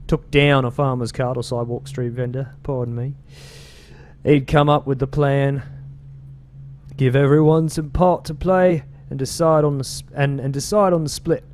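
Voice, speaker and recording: A man's voice: medium pitch, steady tone, normal speed, a little mellow, slight background noise, voice pushed up, natural voice. A man voicing a male street gang member telling tales in an attempted British accent, reading game lore aloud in a slangy, loose delivery. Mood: storytelling.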